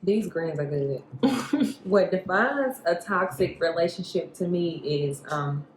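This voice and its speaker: A young woman guest in a casual chat over a meal, relaxed and talking while she eats. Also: on the low side, takes it slowly. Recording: roomy home recording with faint noise.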